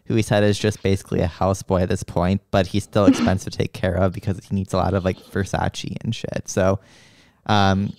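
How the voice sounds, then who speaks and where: Deep-voiced male co-host, dry sound. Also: flat delivery, a little fast, creaky, a little mellow, no room sound. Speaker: podcast co-host. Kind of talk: casual podcast chat.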